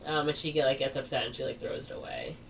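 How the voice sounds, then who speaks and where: A woman's voice: a bass voice, wildly swooping pitch, quick pace, creaky. A woman co-hosting a podcast, casually retelling a plot in a rambling way, full of "like" and "or whatever". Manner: rambling, heavy on fillers like "like" and "or whatever". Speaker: podcast co-host. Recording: distant mic with faint background noise.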